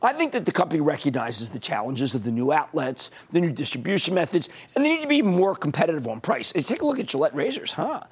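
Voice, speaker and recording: A man's voice: fairly high pitch, very animated, quick pace, few pauses, husky. A man hosting a stock market TV show, losing his voice, giving emphatic, punchy commentary straight to viewers. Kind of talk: energetic financial TV commentary.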